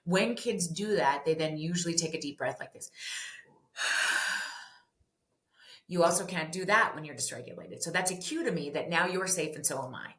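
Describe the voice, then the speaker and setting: A woman guest author in an animated interview, acting out parent and child voices as she explains. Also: fairly low pitch, moderate pace, pauses often. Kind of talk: animated interview talk with acted-out dialogue. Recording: echoey room.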